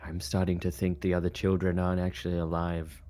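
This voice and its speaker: A man's voice: sits low, monotone, fairly quick, dark tone. A man playing a tabletop game, casual and jokey in his reactions. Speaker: player.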